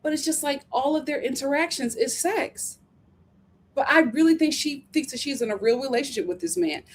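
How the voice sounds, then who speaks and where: Woman host, sassy recap chatter, bit high-pitched, laughs through it. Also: a little fast, slight background noise. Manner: sassy, animated, laughs often. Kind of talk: casual recap chat.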